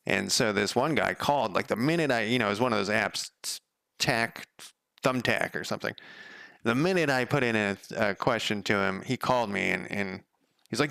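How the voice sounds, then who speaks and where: A man's voice: on the low side, brisk, creaky, pushed and bright, clear, resonant tone, no echo. A man developing a game on a live stream, chatting casually and rambling off on tangents as he thinks aloud. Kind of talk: casual live coding chat.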